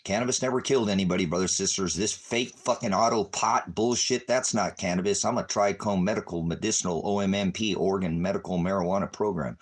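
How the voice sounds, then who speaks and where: A man ranting at his viewers on a livestream, cursing and taunting them, swinging between shouting and low muttering. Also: breathy edge. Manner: angry, cursing, taunting, repeating insults. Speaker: ministry livestreamer. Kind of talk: profane livestream rant at viewers.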